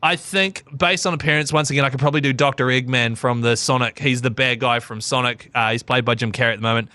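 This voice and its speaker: Bright-voiced casual podcast host man. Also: medium pitch, fairly even intonation, fast, no room sound. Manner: jokey, laughs into silly voices. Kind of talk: casual chat.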